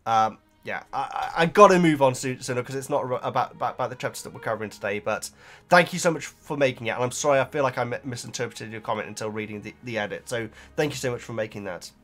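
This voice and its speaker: A man's voice: mid-range voice, quick pace, a bit bright. A British man reading and answering viewer comments in a casual chat, talking hesitantly with many stumbling restarts.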